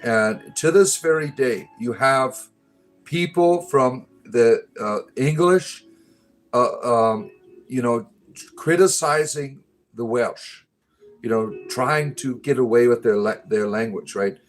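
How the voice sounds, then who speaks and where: A man's voice: mid-range voice, slow, faint music behind. A man hosting a livestream, chatting casually and jokingly with viewers in a rambling way with many fillers and restarts. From United States. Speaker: livestream host.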